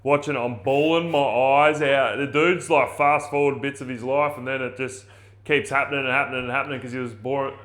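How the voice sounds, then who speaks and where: A middle-aged Australian man hosting a podcast in casual chat, excitable, swearing and laughing easily. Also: mid-range voice, brisk. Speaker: podcast host.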